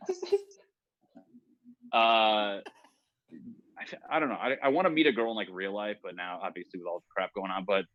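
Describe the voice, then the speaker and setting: A man's voice: on the low side, moderate pace, pauses often, dry recording, highs cut off. A man in his thirties doing a crude, rambling, self-mocking stand-up set over a video call. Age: 30s. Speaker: stand-up comic. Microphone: home setup on a video call.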